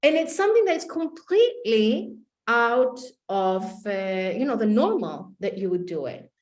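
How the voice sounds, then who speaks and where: A woman life coach tells a personal story in a lively, expressive way, acting out each exchange. Her voice sits a little high and ranges widely. The room gives her voice a clear echo. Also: normal speed. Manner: animated storyteller acting out dialogue. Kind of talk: motivational storytelling talk.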